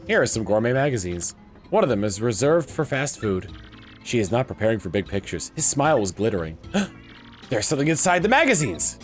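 A man streaming a video game, reading its dialogue aloud in a deadpan, wry way. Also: mid-range voice, brisk, faint music behind.

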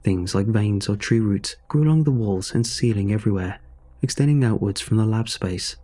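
A man narrating a horror story in a measured, scripted storytelling delivery, with faint music behind. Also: lowish voice, warm tone.

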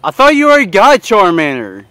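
A man's voice: sits high, wildly swooping pitch, fairly quick, pushed and bright, dry recording. Exasperated swearing man in a skit. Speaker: narrator and filmer of skit. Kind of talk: casual comedy skit.

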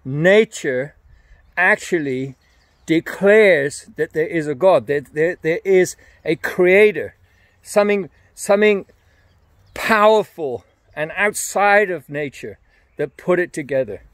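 A man's voice: a little high, expressive, slow pace, a bit bright, dry recording. An older man giving an earnest, emphatic evangelistic message to camera, often repeating his phrases.

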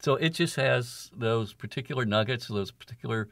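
An author and father appears as an interview guest, telling stories about his experiences in a conversational, earnest and reflective way with soft laughs. His mid-range voice has some vocal fry, moves at a moderate pace, and the recording has no echo.

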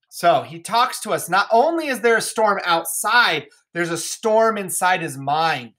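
A woman's voice: lowish voice, lively intonation, moderate pace, hardly any pauses, fairly bright tone. Chatty woman teacher explaining a play. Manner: chatty, jokey asides. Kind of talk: casual classroom explanation.

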